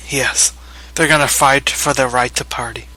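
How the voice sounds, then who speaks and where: A man's voice: medium pitch, steady tone, measured pace, pushed and bright, no room sound, rough recording. A man chatting casually as a co-host, joking and laughing often. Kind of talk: casual chat.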